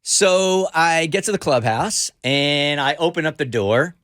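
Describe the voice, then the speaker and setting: A man's voice: fairly high pitch, animated, measured pace, fairly bright tone, no room sound, clean studio sound. A middle-aged man hosting a radio show, telling a story in a casual, playful way that builds suspense. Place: radio studio. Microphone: studio mic.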